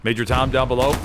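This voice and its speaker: A man casting a live competitive shooter match, giving chatty, self-deprecating play-by-play. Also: on the low side. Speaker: esports caster. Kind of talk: live game commentary. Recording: game noise behind the voice. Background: gunfire, artillery and vehicles from the game.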